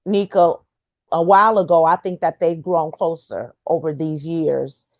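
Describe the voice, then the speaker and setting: Sassy low-voiced woman roasting someone. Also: fairly even intonation, measured pace, no echo, dull audio. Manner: blunt, sassy, trash-talking. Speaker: livestream commentator. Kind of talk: casual gossip commentary.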